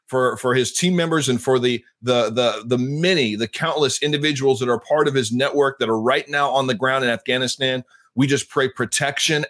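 A man's voice: medium pitch, a bit bright. A male podcast host speaking with emphatic fervor, often doubling his words as he goes. He chats casually with his guest and slips easily into praying aloud. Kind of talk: casual Christian podcast chat and prayer.

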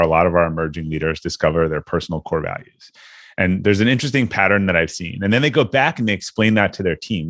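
Host guy with a lowish voice, dry close sound, chatting thoughtfully through examples. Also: fairly bright tone, no room sound. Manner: reflective, explains with examples. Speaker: podcast host. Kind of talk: casual chat.

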